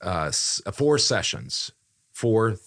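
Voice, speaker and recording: Deep-voiced man chatting casually. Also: sing-song, slow pace, fairly bright tone. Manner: chatty storyteller with frequent restarts. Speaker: voice actor and podcast co-host. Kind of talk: casual chat.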